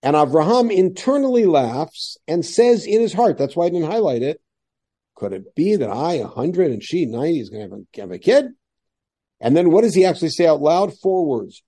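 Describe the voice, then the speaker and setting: A man teaching a Bible class as a lecturer, quoting the text in quick spoken paraphrase. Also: a little high. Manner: animated lecturer voicing quoted lines.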